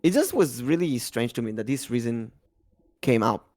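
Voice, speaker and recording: A man's voice: medium pitch, animated, moderate pace, darkish tone. A young man with an Israeli accent hosting a casual podcast chat, talking thoughtfully with many hesitations. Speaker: podcast host.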